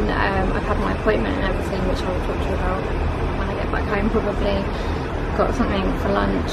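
A woman's voice: medium pitch, vocal fry, very noisy. A young woman vlogging in a casual chat, tired and sluggish, rambling with lots of ums and likes.

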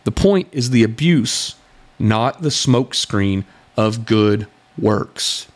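A man's voice: on the low side, expressive, slow pace. A man hosting a podcast, responding to a video in a sarcastic, exasperated commentary and laughing between points. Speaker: podcast host.

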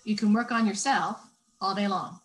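A woman's voice: medium pitch, moderate pace, rough recording. A woman therapist talking as a podcast guest, explaining in a reflective, patient way. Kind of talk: casual conversation.

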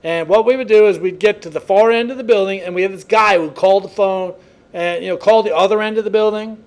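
Guy with a twang teaching class, fairly high voice, folksy storyteller. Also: quick pace, darkish tone. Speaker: college instructor. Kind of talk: classroom lecture with anecdotes.

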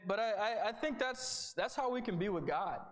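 A man's voice: high voice, expressive, normal speed. A young man giving a conversational sermon, earnest and informal, often checking in with "right?". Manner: conversational, earnest, with repeated starts and "right?" asides. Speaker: preacher.

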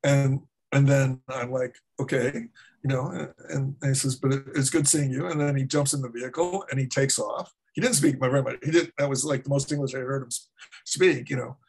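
A man's voice: mid-range voice, fairly even intonation, moderate pace, a little mellow, breathy edge, rough recording. A middle-aged man, a martial arts instructor, telling a story as a guest with many fillers and restarts. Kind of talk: casual anecdote storytelling.

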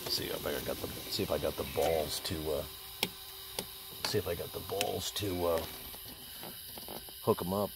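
A man's voice: sits low, moderate pace, vocal fry, long pauses, noisy background. A man vlogging a night hunt outdoors in a casual, rambling, profane way, talking to his dog and the animal through a handheld camera. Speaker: hunting vlogger. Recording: loud night insects outdoors.

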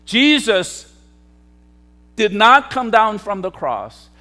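A man preaching a sermon in a high voice. He swings between quiet, low passages and loud, emphatic declarations, repeating phrases for effect. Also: big pitch swings, takes it slowly. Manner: dramatic preaching with sharp swings from loud to hushed. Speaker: pastor.

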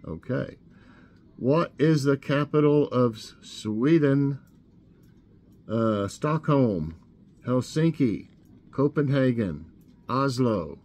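A man hosting a casual trivia show, reading questions aloud and thinking out loud as he guesses. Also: mid-range voice, expressive, slow, long pauses. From Tennessee. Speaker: host.

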